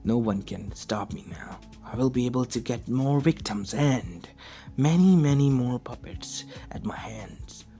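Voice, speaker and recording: Brief: vengeful undead male villain for a fan story, hushed and threatening, put on by a man. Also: mid-range voice, expressive, a little slow, soft background music. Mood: menacing.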